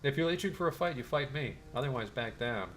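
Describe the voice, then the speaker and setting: A man's voice: medium pitch, expressive, brisk, fairly bright tone, natural voice. A man voicing an arrogant woman gang leader, read in a sneering, threatening tone.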